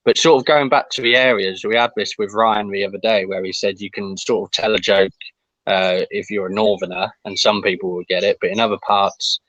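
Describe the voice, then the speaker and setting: Relaxed man hosting a podcast, dry. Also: on the low side, brisk, no echo, highs cut off. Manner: relaxed, questioning. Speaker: podcast host. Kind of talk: casual podcast chat.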